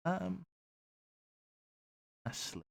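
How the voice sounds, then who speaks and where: A man streaming a submarine game live, rambling on and humming to himself as he picks his crew and reads out chat. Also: very slow. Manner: rambling, hums while thinking, reads chat aloud. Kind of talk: live gameplay commentary.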